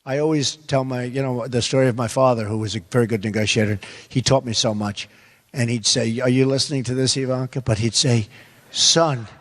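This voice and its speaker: A man's voice: mid-range voice, in a large hall. An older man answering questions as a political candidate, speaking emphatically, repeating phrases and wandering into asides. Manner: repetitive, emphatic, rambling asides. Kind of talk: campaign forum answer.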